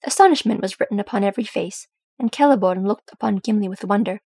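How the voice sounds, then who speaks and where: Gravelly-voiced woman reading a story. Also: mid-range voice, quick pace, mellow, no room sound. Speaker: audiobook reader. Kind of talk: storybook narration.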